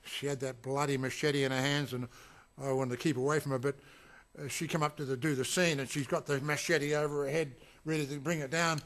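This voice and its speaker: A man's voice: fairly high pitch, fairly even intonation, a little fast. A man recalling a film shoot in a casual, rambling way, full of fillers and restarts. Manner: acts out quotes with sudden loud shouts. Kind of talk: casual anecdotal reminiscence.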